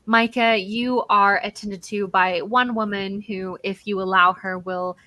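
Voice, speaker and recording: Bright-voiced woman running a tabletop game. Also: medium pitch, steady tone, measured pace, no echo. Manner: chatty, lots of fillers and likes. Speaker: dungeon master.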